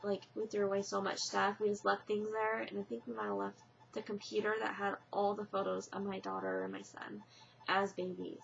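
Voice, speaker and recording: A young woman vlogs casually to her camera, rambling with many fillers and restarts. Her medium-pitched voice is brisk, fairly flat in pitch, and shows vocal fry. The audio is muffled, lo-fi webcam sound with a faint hiss.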